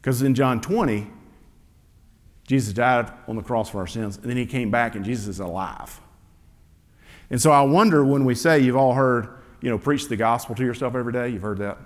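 A man's voice: mid-range voice, fairly quick. A man preaching in a reverberant hall. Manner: conversational, asks rhetorical questions, frequent fillers. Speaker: pastor. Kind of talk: sermon.

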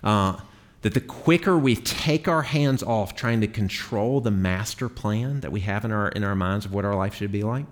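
A low-voiced man leads a Bible class in a classroom. His talk is chatty and relaxed, full of filler words and quick restarts as he explains to the group. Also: a little hiss or hum. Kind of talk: conversational Bible teaching.

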